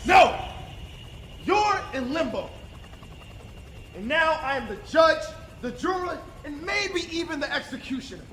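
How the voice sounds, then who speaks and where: A man playing a brutal American soldier interrogating a prisoner, mocking and menacing, breaking into shouts. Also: very high voice, animated, normal speed, heavily acted. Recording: roomy echo, faint background hiss.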